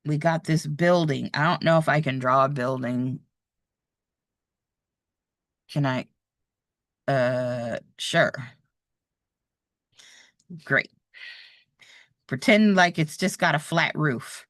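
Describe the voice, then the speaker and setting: Speaking slowly and pausing often, a woman with a low-pitched voice leads a live online lesson on real estate exam math. She is patient and encouraging, drawing as she reasons through problems aloud, and the recording is dry and studio quality.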